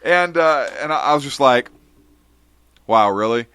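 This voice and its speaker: A man co-hosting a casual podcast chat, telling an anecdote with lively, playful delivery. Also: a little high, normal speed, smooth, dry recording. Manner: animated storyteller, acts out voices in anecdotes. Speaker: podcast co-host.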